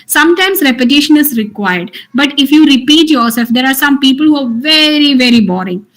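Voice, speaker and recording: Indian english lady teaching online, high voice, earnest and encouraging. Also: lively intonation, brisk, a bit bright, rough recording. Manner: earnest, encouraging teacher, repeats points for emphasis. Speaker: English lecturer. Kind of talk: online lecture.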